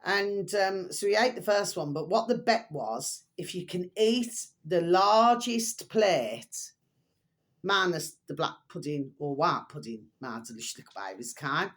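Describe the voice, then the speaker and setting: A woman's voice: fairly low pitch, expressive, unhurried. An older woman vlogging in a rambling, chatty way, stopping often to fondly address her viewers. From England. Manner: chatty, meandering, fond pet phrases for viewers. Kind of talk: rambling casual monologue to viewers.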